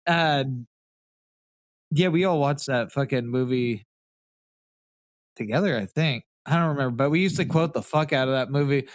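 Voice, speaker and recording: A man's voice: mid-range voice, moderate pace, pauses often, no echo. Profane, loose-talking man, dry sound. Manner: loose, profane, laughing often. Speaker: podcast host. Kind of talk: casual chat.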